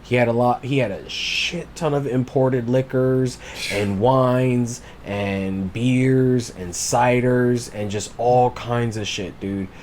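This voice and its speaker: A man's voice: mid-range voice, fairly even intonation, slow, hardly any pauses, darkish tone, slight background noise. A man co-hosting a podcast, telling stories in loose, casual chat with heavy swearing. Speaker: podcast co-host.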